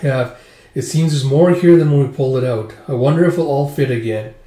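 A man's voice: mid-range voice, fairly quick, mellow. A man recapping a manga in a casual vlog, rambling with lots of "it's like" and "just, like" between his summaries. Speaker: manga reviewer. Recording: roomy echo.

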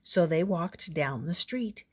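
An older woman reading a picture book aloud as a storyteller, expressive and playful. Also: fairly low pitch, slow pace, slightly rough.

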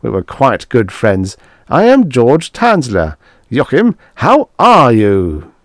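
A man's voice: mid-range voice, huge pitch swings, slow, no room sound, clean studio sound, voice pushed up, heavily acted. A man voicing an eager, enthusiastic male technical expert.

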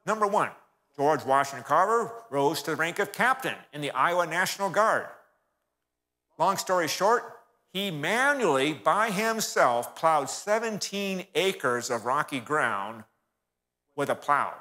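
A man's voice: on the high side, lively intonation, unhurried, bright, forceful tone. A man giving a folksy, sermon-style history talk in a church, often turning to the audience and calling them folks. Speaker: guest speaker. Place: church hall. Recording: reverberant church hall.

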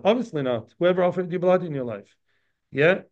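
The recording is muffled and lo-fi as a fairly high-voiced man leads his daily Talmud class. He speaks in an animated, conversational way, dropping in quick tag questions to make sure his listeners are following.

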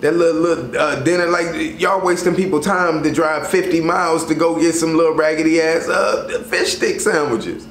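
A man vlogs about travel in a loose, slangy, animated way. His voice sits a little high. The sound is roomy, with a faint hum of ambience behind him. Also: moderate pace, few pauses. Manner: loose, slangy, animated storytelling with many fillers. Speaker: travel vlogger. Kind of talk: casual chat to camera.

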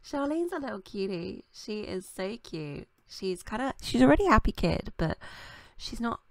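A woman's voice: mid-range voice, very animated, moderate pace, dry recording. A British woman hosting a gaming channel, giving casual, rambling let's-play commentary full of fillers. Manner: chatty and rambling, with many fillers.

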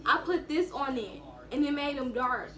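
A woman's voice: high voice, moderate pace, crowd noise. An eighteen-year-old woman vlogging a prank on her grandmother, teasing and laughing as she talks. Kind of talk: casual prank vlog.

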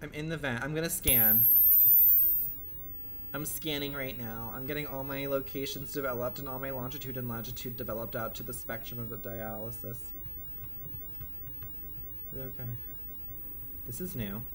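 A man's voice: little pitch movement, normal speed, pauses often, fairly bright tone. A man streaming live gameplay, swearing a lot and swinging between muttering and screams. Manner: profane, dramatic, swinging from low muttering to screaming. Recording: noisy stream audio.

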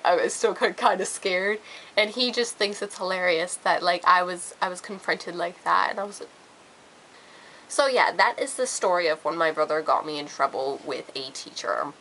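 A woman's voice: lowish voice, moderate pace, fairly bright tone, rough recording. A young woman casually telling a personal story to the camera with many fillers. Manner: chatty, many fillers, acts out quotes. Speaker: vlogger.

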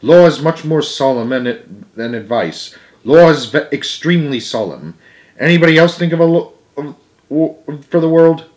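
A man doing an earnest little mouse teacher. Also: unhurried. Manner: lively, emphatic, higher and louder than his narration. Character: small earnest mouse schoolteacher, solemn and fair-minded.

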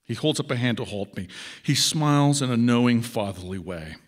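A male author reading his own short story aloud in measured, expressive first-person narration. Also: mid-range voice.

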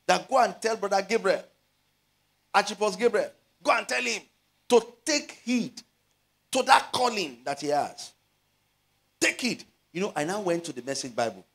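A middle-aged man with a Nigerian Yoruba accent, preaching a sermon as a pastor, stretching out scripture words and building to loud exhortations. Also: sits high, animated, gravelly, breathy edge. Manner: slows to stress scripture phrases.

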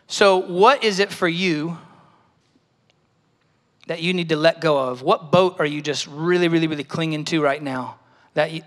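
High, bright-voiced man preaching in a hall. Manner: storytelling, conversational, acts out quoted voices. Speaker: speaker at a church service. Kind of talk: personal testimony sermon. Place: large church hall.

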